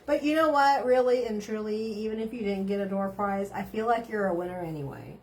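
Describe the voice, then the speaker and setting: A woman's voice: mid-range voice, fairly quick, darkish tone. A middle-aged woman, chatting casually on a live stream and reading out viewer comments, bubbly and giggly. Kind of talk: casual chat.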